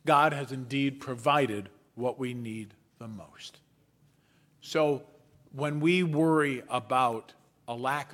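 Bright-voiced man preaching a sermon. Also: mid-range voice. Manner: measured, storytelling delivery with playful asides. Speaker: pastor.

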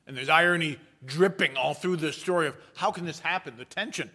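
Bright-voiced man preaching a sermon. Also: on the high side, slightly rough. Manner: measured, storytelling delivery with playful asides. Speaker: pastor.

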